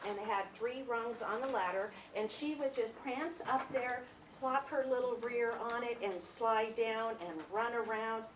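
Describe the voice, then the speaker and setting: A middle-aged woman lecturing a class in a chatty, animated way, laughing as she tells stories. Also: a little high, a little hiss or hum. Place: lecture room.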